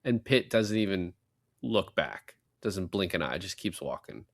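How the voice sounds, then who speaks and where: A young man co-hosting a casual podcast recaps a movie scene by scene, swearing freely and acting out the characters' lines with animated energy. His gravelly voice sits low and moves at a measured pace, recorded with clean studio sound and no echo.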